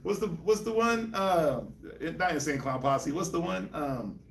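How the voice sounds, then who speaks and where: A man from New York, Colorado and Jamaica, hosting a casual group discussion, telling animated stories with laughs. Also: on the high side, unhurried, creaky, a little hiss or hum. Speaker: host. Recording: echoey room, mic at a distance.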